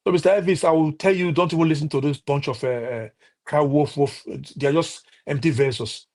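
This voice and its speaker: A man with a Nigerian accent rants about politics on a live stream in a fairly high, darkish voice, talking briskly with fairly even intonation. He is impassioned and repetitive, restarting often and using many fillers.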